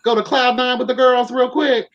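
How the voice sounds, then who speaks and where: A man's voice: very high voice, little pitch movement, normal speed, fairly bright tone. Sassy, profane young man telling a story. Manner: campy, sassy, profane, peppered with "child" and "honey". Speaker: podcast host. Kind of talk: casual storytelling chat. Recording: dull lo-fi sound.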